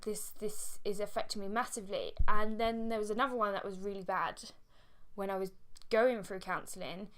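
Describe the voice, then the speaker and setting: A young woman telling a personal story to camera in a candid, halting way. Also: medium pitch, fairly bright tone. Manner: candid, halting, with fillers and frequent laughs. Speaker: vlogger.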